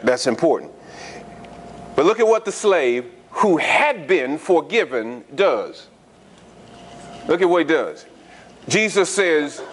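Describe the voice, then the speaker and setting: A man preaching a sermon in a conversational style, asking the congregation frequent rhetorical questions and repeating words as he restarts. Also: a little high. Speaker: pastor.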